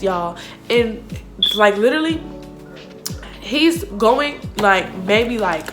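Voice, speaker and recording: A young woman telling a casual storytime vlog, slangy and animated, acting out what others said. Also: fairly high pitch, a little slow. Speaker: vlogger. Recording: music playing behind the voice.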